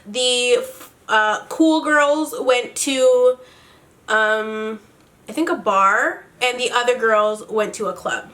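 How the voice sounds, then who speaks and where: A woman's voice: on the high side, slow pace, a bit bright. Sassy, profane woman recapping reality TV. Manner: doing her makeup while talking. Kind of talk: casual commentary.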